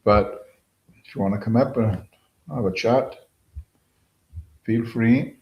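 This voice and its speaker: Slow and lowish, this British man's voice has its high frequencies cut off, with a roomy echo around it. He's hosting a relaxed live stream, welcoming viewers by name and rambling through plenty of fillers.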